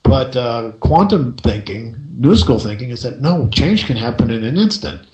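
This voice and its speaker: A male radio host tells a story with lively energy and keeps checking in with the listener. His voice sits at an ordinary middle pitch, and the room around him has a noticeable echo. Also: normal speed. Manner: lively storyteller, rhetorical "right?" asides. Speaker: radio show host and success coach.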